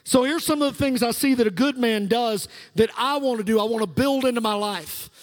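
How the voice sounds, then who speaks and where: A man's voice: very high-pitched, brisk. A middle-aged male pastor delivering a sermon with fervent call-and-response preaching in a church sanctuary. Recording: long reverb of a large hall.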